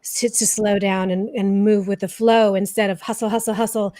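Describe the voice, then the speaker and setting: A woman's voice: mid-range voice, flat delivery, moderate pace, warm tone, no room sound. A woman hosting a reflective chat on wellness, repeating words for emphasis. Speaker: host. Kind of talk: casual chat.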